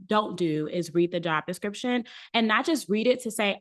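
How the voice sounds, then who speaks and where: A woman's voice: mid-range voice, normal speed, few pauses. A woman career coach answering interview questions in a casual podcast chat, earnest and emphatic as she lays out her advice.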